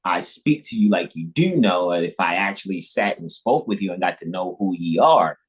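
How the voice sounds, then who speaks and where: A man's voice: lively intonation, normal speed, breathy edge, low-quality recording. A man hosting an informal spiritual lecture, talking emphatically and repetitively, with many restarts and small chuckles. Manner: mimics imagined listeners in high mocking voices. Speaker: spiritual teacher hosting a devotional livestream.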